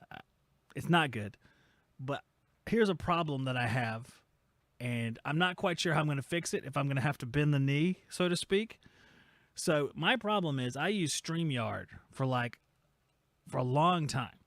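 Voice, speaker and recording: A man's voice: fairly high pitch, a bit bright, no room sound. A man hosting a casual livestream podcast, jokey and rambling with self-mocking asides. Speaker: podcast host.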